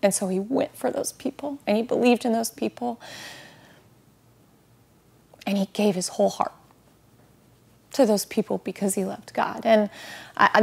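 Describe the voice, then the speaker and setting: A woman, a guest on an interview, talks in an earnest, heartfelt way about faith and loss, slowing and softening on key words. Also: mid-range voice, gravelly. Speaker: guest, widow sharing her story.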